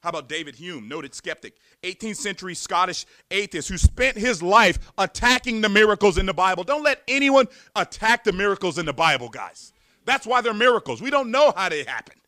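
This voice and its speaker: A male preacher delivers an emphatic sermon in a high, bright voice that swings widely up and down. He repeats words as he builds momentum and fires off rhetorical questions. The sound is dry and close. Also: lively intonation, a little fast, no echo.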